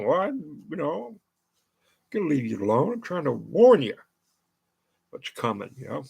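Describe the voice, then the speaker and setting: A man's voice: a little high, sing-song, unhurried, gravelly, long pauses, darkish tone, slightly rough. An older American man hosting his own show, talking in a rambling monologue full of fillers and restarts. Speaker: show host.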